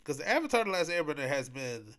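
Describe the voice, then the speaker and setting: A man's voice: fairly high pitch, very animated, fast talker, fairly bright tone. A man hosting a podcast, chatting casually in a rambling, repetitive way with lots of slang and fillers. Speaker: podcast host. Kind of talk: casual solo podcast chat.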